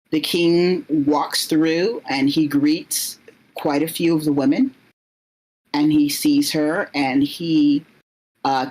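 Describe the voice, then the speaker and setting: Slow, halting woman storyteller. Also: sits low, rough recording. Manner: halting, many fillers and restarts. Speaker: storyteller recounting a vision. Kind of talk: spoken story narration.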